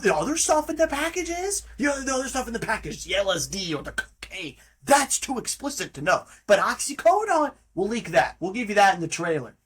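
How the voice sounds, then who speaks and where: A man hosting a podcast, telling a story in a mocking, profane and animated way. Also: high-pitched, fairly quick, hardly any pauses, husky. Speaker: podcast host. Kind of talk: casual storytelling monologue.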